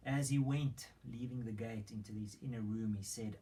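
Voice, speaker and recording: A man preaching a sermon as a story, retelling it with dramatic emphasis and hushed moments. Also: medium pitch, fairly even intonation, normal speed, hardly any pauses. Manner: dramatic retelling, swings between loud emphasis and hushed whispers. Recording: distant mic with faint background noise.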